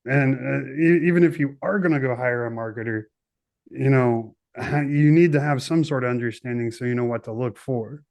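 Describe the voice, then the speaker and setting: A man's voice: medium pitch, moderate pace, vocal fry, a little mellow. A man hosting a podcast interview, casual and enthusiastic. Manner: enthusiastic, upbeat affirmations. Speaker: podcast host.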